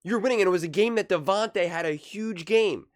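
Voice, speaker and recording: A man's voice: sits high, moderate pace. A young man giving casual, emphatic sports commentary, often acting out what others say. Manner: animated, emphatic, acts out quoted voices. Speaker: commentator reacting to a sports debate show.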